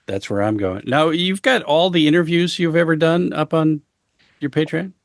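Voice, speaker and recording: A man as an interview guest, talking casually in a halting way with many fillers and deadpan jokes. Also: fairly high pitch, no echo, clean studio sound. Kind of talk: casual conversation.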